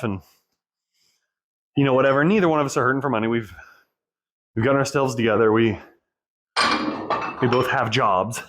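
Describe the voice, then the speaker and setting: A man speaks at an ordinary middle pitch, working through his thoughts aloud. His talk rambles and circles back on itself, blunt and profane, as he coaches divorced men from his own experience. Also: animated, normal speed, long pauses. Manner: rambling, profane, self-reflective. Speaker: divorce coach and channel host. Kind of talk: candid personal monologue.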